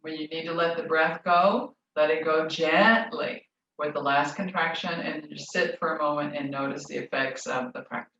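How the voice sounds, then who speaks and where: A woman leading a yoga class, giving gentle, soothing instructions. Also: sits low, steady tone, moderate pace, slight background noise. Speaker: yoga teacher. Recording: roomy, distant, dull lo-fi.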